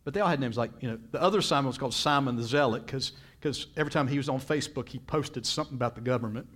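A man's voice: mid-range voice, very fast, fairly bright tone. A middle-aged male pastor preaching a sermon in a storytelling way, his voice jumping up when he quotes people.

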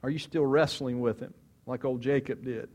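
Animated male preacher telling stories. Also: mid-range voice, moderate pace. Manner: animated storytelling, rhetorical questions, acts out quotes. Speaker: pastor. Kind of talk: sermon.

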